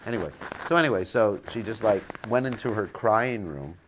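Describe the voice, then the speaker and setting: A man's voice: fairly low pitch, animated, a little fast. A man teaching a religious class, retelling scripture stories in a chatty, joking way and asking his audience questions, in a noisy recording. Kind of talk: humorous scripture storytelling class.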